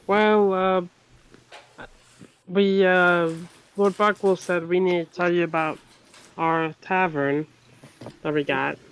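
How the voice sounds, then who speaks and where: A man voicing an excitable tavern co-owner who stumbles through his news with many hesitations. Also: high-pitched, smooth, full character voice, low-quality recording. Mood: eager. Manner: halting, full of hesitant fillers.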